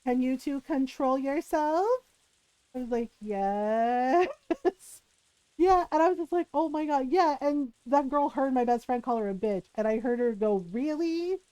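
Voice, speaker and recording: A woman streamer with a high voice tells a long story in a casual, lively way. She acts out each person's lines and laughs between them. The sound is dry, with no room echo. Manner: animated, acts out quotes, laughs often.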